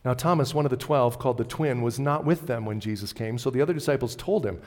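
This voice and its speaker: Male pastor, sermon, animated, loud then hushed, long hall reverb. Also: fast talker, hardly any pauses. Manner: animated, swings between loud emphasis and hushed low lines.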